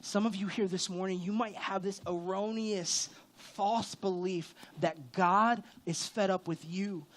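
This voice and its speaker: Candid, fairly high-voiced male preacher. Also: fairly even intonation, a little slow, few pauses, fairly bright tone. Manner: conversational and candid, with sudden emphatic rises. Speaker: pastor. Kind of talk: church sermon.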